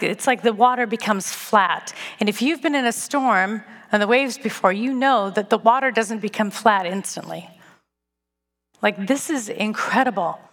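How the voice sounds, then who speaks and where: A woman with a slightly higher voice preaches to a church audience. She talks in a casual, self-deprecating way and tells her stories with animation. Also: fairly bright tone, big-room sound. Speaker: speaker at a church gathering. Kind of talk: sermon.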